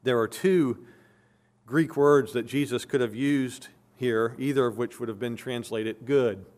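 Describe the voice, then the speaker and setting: A man's voice: mid-range voice, measured pace, a little mellow. A male pastor preaching an expository sermon, reading scripture aloud and explaining it verse by verse with earnest emphasis.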